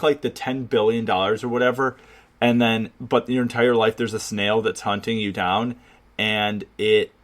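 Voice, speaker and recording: A man co-hosting a podcast in casual chat, rambling and leaning heavily on filler words. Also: fairly low pitch. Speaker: podcast co-host.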